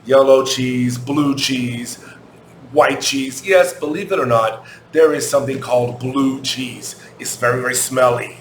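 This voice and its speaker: This American English teacher speaks in a mid-range voice to children, going very slowly, asking each question twice and spelling out words letter by letter. A faint hum sits behind the echoey room sound.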